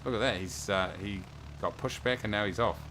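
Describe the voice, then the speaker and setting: Low-voiced New man chatting on stream. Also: fairly quick, pushed and bright, a little hiss or hum. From New Zealand. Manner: chatty, reads viewer messages aloud and thanks them. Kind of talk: casual livestream chat.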